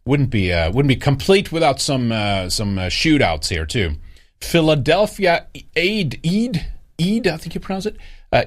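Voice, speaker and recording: A man hosting a livestream, casually commenting on news and reading viewer chat, rambling with many hesitations and restarts. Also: mid-range voice. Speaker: livestream host.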